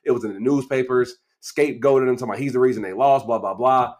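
Fast-talking, animated podcast co-host man. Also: mid-range voice. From Kansas City, USA. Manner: animated, emotional, quick run-on talk. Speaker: co-host, draft analyst. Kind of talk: casual sports podcast chat.

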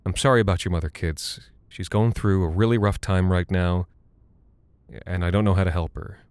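A man voicing a calm, weary, protective father who speaks low and steady. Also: normal speed, smooth, dry recording, lightly acted.

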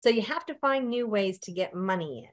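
A woman's voice: medium pitch, animated, moderate pace. Inquisitive female interviewer. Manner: inquisitive, probing follow-ups. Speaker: interviewer host. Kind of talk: interview questions.

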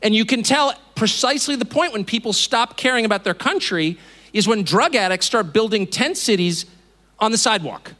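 A man's voice: high-pitched, normal speed, bright, forceful tone. A man in his fifties from California gives an indignant, mocking speech to a live audience, acting out the voices he quotes. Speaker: speaker. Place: auditorium.

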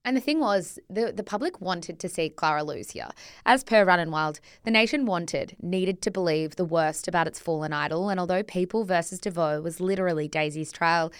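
A woman co-hosting a podcast reads through a scripted history story in a smooth, clean, fairly low voice. She keeps it chatty and drops into casual asides. The sound is dry and close, with no room around it. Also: moderate pace, dry recording. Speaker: podcast co-host.

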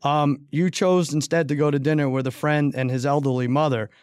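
A man's voice: on the high side, steady tone, brisk, darkish tone, smooth, no room sound, clean studio sound. A man hosting a casual sports betting podcast, teasing his co-hosts and laughing often. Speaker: podcast host.

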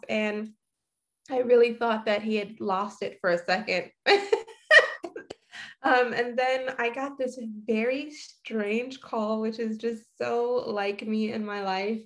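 A woman in her thirties with a fairly high voice tells a personal story in casual conversation. Her delivery is reflective and halting, with sentences often restarted. She sounds like a guest sharing a memory.

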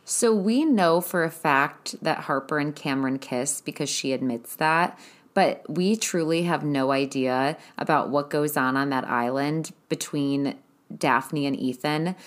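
A young woman with a notably low-pitched voice delivers a casual, profanity-laced recap of a TV episode. Her tone is blunt and exasperated, like someone venting straight to her viewers. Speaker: recap host.

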